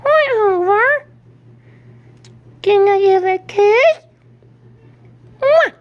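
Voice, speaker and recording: A woman's voice: extremely high pitch, animated, very slow, muffled recording, full character voice. A woman putting on the voice of a cheery little furry monster puppet, with a childlike sing-song manner. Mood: playful. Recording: roomy, distant, noisy home video.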